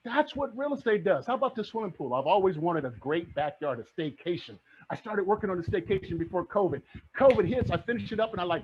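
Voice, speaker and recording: High-voiced energetic man pitching real estate. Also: a little fast, lo-fi sound, a little hiss or hum. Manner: energetic, asks the audience rhetorical questions. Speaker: real estate investing speaker. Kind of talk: motivational online presentation.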